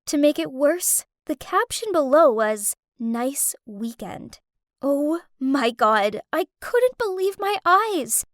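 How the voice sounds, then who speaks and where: High, lively woman narrating a drama. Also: slow, hardly any pauses, no room sound, studio quality. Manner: emotional, dramatic delivery. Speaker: storyteller. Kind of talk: scripted first-person story narration.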